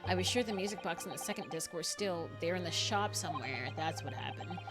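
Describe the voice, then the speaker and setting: A woman reads out a man confessing his crime, in a low-ish, measured voice. The lines carry a quiet, lightly dramatic weight, read over clear game music. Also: natural voice. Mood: solemn. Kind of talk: reading game text aloud.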